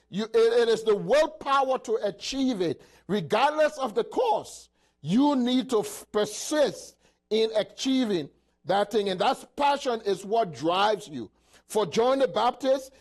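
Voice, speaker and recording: A man preaching a sermon in an emphatic, halting way, with many repeated words and restarts. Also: extremely high pitch.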